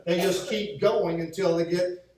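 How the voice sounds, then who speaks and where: High-voiced preacher guy telling funny stories, mic kinda far, lots of church echo. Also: steady tone, a little slow, a little mellow, slight background noise. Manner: humorous storytelling with acted-out quotes. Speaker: pastor. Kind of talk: sermon. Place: church sanctuary. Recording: very echoey hall, mic from far off.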